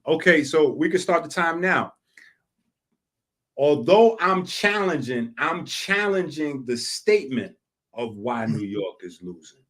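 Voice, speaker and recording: A man arguing his point in a debate in a measured way. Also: medium pitch.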